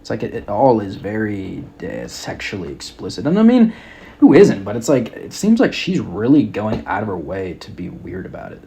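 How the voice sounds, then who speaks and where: A man's voice: fairly low pitch, wildly swooping pitch, moderate pace, warm tone, slight background noise. A young man hosting a podcast, ranting casually in a mocking, exasperated way and swearing constantly. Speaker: podcast host. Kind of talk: casual rant.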